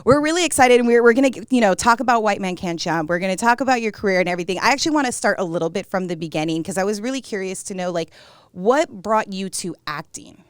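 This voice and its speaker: A woman hosts a studio interview in a bubbly, engaged way and answers the guest with many quick affirmations. Her voice sits in a middle register. The recording is close and dry. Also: medium pitch, lively intonation, clear, resonant tone, no room sound. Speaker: radio show host. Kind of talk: interview hosting. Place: radio studio. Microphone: studio mic.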